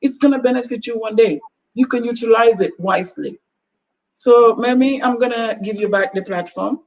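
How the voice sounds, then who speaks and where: A woman's voice: on the high side, moderate pace, darkish tone. A woman giving earnest, preachy advice as a talk-show panel guest, acting out quoted exchanges. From Gambia. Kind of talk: motivational talk show chat. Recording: distant mic with faint background noise.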